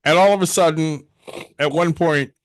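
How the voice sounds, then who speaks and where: A man's voice: on the high side, moderate pace. Outspoken man co-hosting a podcast. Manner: blunt, outspoken, says he is loud. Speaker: podcast co-host. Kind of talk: casual chat.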